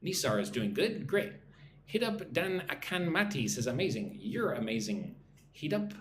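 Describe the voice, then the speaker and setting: A man teaching English on a live stream, drilling phrases slowly and greeting viewers from the chat, a little sleepy. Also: on the high side, sing-song. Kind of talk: live-streamed pronunciation lesson. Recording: echoey room with faint background noise.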